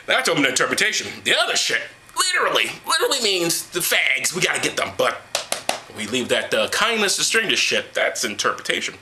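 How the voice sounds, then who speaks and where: A man's voice: fairly high pitch, very animated, a little fast, pushed and bright, slight background noise. A man hosting a solo commentary, reading verses aloud and mocking them with irreverent, sarcastic asides. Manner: mocking, irreverent, with exaggerated sighs and hums. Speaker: host of an atheist commentary series.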